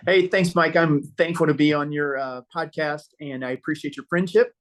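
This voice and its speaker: A middle-aged man, a pastor guest on a podcast, telling stories casually and acting out quoted dialogue with many filler pauses. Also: on the high side, fairly even intonation, fairly bright tone. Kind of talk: casual storytelling conversation.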